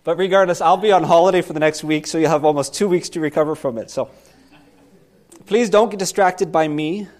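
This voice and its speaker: A man's voice: a little high, brisk, darkish tone. A man preaching a sermon as pastor, earnest and a little self-deprecating.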